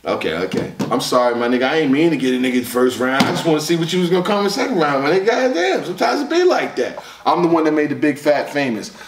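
Male recap host, slightly high voice, excitable and profane, distant mic in a roomy room. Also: very fast, few pauses, background noise. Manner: animated, profane, quotes bars and reacts loudly, repeats words. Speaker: battle rap recap host. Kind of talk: casual recap commentary.

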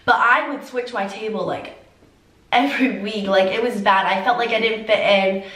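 A teenage girl vlogger telling a personal story through tears, filler-heavy and halting. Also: medium pitch, fairly even intonation, a bit bright, roomy sound, far from the mic, poor audio. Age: teens. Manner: tearful, heavy use of "like". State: crying. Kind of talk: emotional storytime.

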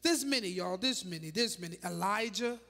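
A woman bishop preaching a sermon in a church, dramatic and animated, firing rhetorical questions at the congregation with laughing asides. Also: medium pitch, brisk, soft background music. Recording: long reverb of a large church hall.

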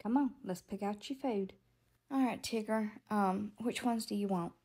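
A woman's voice: mid-range voice, normal speed, warm tone, slightly rough. Playful woman talking to her cats. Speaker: pet owner. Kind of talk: comedic pet voiceover.

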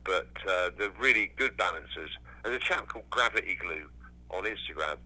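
Guy chatting, very bright sharp tone, low-ish voice, swears a lot. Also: lively intonation, normal speed, poor audio. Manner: swears freely, rambling with restarts. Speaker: musician guest. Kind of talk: casual interview chat.

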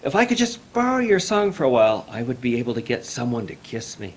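A man's voice: mid-range voice, big pitch swings, fast talker, slight background noise, pitched above the performer's own voice, natural voice. A man voicing an irritable old male water bug, short and stout, who pleads and turns bitter. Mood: pleading. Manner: pleading, then bitter and angry.

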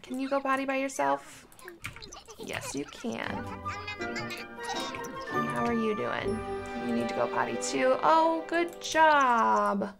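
A woman with a strongly gravelly, fry-heavy voice talks her way through a game at an unhurried pace. Her pitch sits a little high and swings around a lot. She coaxes the characters on screen like small children. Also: big pitch swings, over loud music. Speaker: gaming channel host. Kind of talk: casual game commentary.

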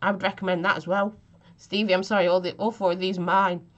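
A woman's voice: mid-range voice, level tone, fast talker, dull audio. Casual woman vlogger, giggly and self-deprecating, with a lingering chesty cough. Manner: chatty, giggly, self-mocking. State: recovering from a chest infection, coughing. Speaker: vape juice reviewer. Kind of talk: casual review vlog.

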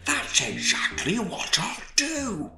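A remorseful, jolly old Father Christmas, voiced by a man speaks in a raised, theatrical voice. The lines come slowly, with wide, lively swings in pitch. The sound is bright and rings in an echoey room. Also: over music, heavily acted. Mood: regretful.

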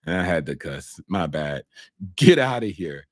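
A man's voice: low-pitched, sing-song, unhurried, dry recording. Guy ranting and mocking stuff in a reaction vid, swears a lot, dry close mic. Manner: blunt, mocking, swears freely. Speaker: host reacting to a documentary.

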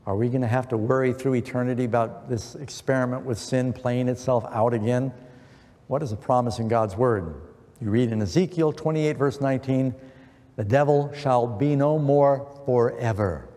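Middle-aged pastor preaching earnestly, mellow voice, big echoey church. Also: male voice, mid-range voice, fairly even intonation, fairly quick. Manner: earnest preaching, quotes scripture with emphasis. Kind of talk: sermon. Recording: long church reverb.

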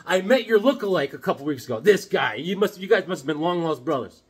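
Man, fifties, husky voice, bouncy lively pitch, rambling and jokey, casual comic vlog chat. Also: quick pace. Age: 50s. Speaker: comic book vlogger.

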